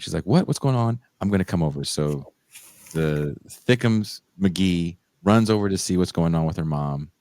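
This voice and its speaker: A man co-hosting a podcast, animatedly retelling a story and acting out the quotes with sudden high shrieks. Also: animated, moderate pace, darkish tone. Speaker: podcast co-host. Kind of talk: casual chat.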